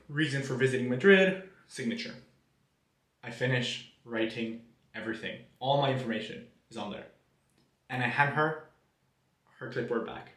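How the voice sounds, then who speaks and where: A man's voice: medium pitch, echoey room. A young man from Mexico, telling a personal story to camera in a self-deprecating way, with hesitant restarts. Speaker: vlogger.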